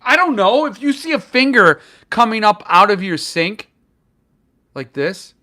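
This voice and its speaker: A man's voice: sits high, sing-song, unhurried, bright, forceful tone. A man hosting a casual live stream about books, rambling and joking as he reacts to chat comments. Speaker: booktuber host.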